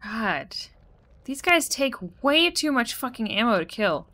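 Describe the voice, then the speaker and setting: A woman's voice: a little high, big pitch swings, unhurried, pushed and bright. A young woman streamer giving casual, joking gameplay commentary, swearing freely and talking to her chat.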